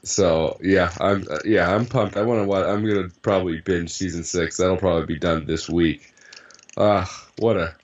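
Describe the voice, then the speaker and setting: A man's voice: sits low, fairly even intonation, normal speed, lo-fi sound. A young man co-hosting a podcast, easygoing and laughing often, hedging with "I mean" in casual chat. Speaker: podcast co-host.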